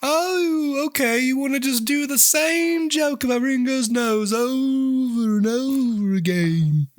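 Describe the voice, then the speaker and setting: A man doing an impression of a famous male rock singer, talking slowly and always sounding surprised, often passive-aggressive. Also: extremely high pitch, pitched above the performer's own voice.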